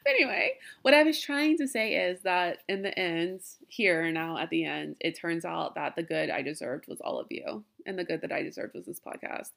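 A woman's voice: on the low side, normal speed, creaky, few pauses, a bit bright. A young woman hosting a podcast from her den at home, talking casually and emotionally in a rambling way with frequent laughs. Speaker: podcast host. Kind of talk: casual heartfelt farewell talk. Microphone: laptop.

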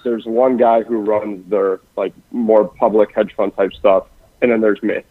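A man who works in investments at a family office, talking quickly and densely in a podcast conversation, with frequent restarts. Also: fairly low pitch, steady tone, dry recording. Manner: rapid-fire, dense talker with many restarts. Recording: dry, phone-like lo-fi sound.

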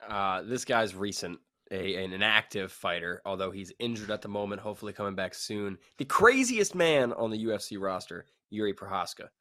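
A man co-hosting a sports radio show, getting excitable and building up to loud punchlines in casual banter. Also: lowish voice, a little fast, hardly any pauses. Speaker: co-host.

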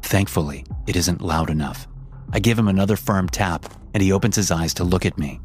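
A man narrating a first-person horror story in a tense, measured way. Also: low-pitched, a little mellow.

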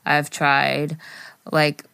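Young woman, podcast co-host, playful casual chat, bright tone, dry sound. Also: deep voice, level tone, drawn-out words, vocal fry, clean tone, no echo.

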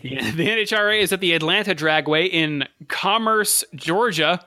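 Guy co-hosting a racing podcast, bright voice kinda high, dry close sound, lots of uh and fixing himself. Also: moderate pace, no room sound. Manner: reads standings and race listings with frequent "uh" and self-corrections. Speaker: podcast co-host. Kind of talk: casual motorsport podcast chat.

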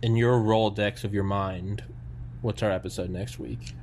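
A tired man hosting a podcast in casual chat, animated and profane, laughing often. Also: on the low side, normal speed, slight background noise. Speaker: podcast host.

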